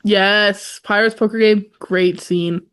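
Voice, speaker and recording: A woman's voice: mid-range voice, steady tone, takes it slowly, fairly bright tone, clear, resonant tone. A young woman co-hosting a podcast, chatting casually about a book with lots of laughs and fillers. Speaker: podcast co-host.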